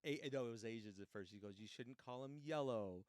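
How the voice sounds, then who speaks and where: A man's voice: mid-range voice, a little fast, no room sound, studio quality. Laid-back, swearing man telling stories. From Mexican upbringing. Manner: profane, laid-back storyteller who acts out quotes. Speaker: podcast host. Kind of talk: casual chat.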